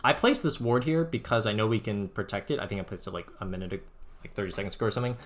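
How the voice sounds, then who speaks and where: A man's voice: fairly low pitch, fast talker. Rambling young man breaking down gameplay. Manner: rambling, filler-heavy, says "like" constantly. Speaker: Dota coach analyzing his own gameplay. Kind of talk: casual gameplay commentary.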